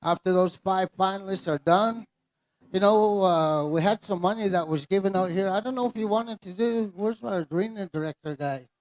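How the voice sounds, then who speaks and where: This man's high-pitched voice moves at a normal speed as he emcees a pow wow in an outdoor arena. He addresses the dancers and crowd live over a PA, easygoing and full of jokes.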